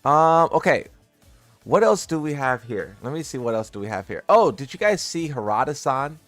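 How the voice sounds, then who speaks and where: A man's voice: mid-range voice, sing-song, normal speed, a bit bright, no room sound, soft background music. A man doing casual commentary for his viewers. He sounds incredulous and teasing, and he laughs at what he reads. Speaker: gaming content creator.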